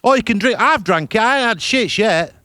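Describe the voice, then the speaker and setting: High, expressive, and brisk, this man's voice sounds pushed and bright, with no echo and clean studio quality despite being a remote call. As a podcast host abroad, he performs a comic monologue of travel stories, blunt and boastful and laced with swearing.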